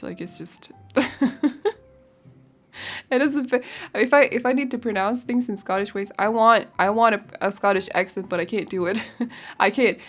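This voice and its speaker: A woman's voice: on the high side, fairly bright tone. Young woman, casual rambling voice-over, giggly, hunts for words, faint background music. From Denmark. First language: Danish. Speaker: game builder.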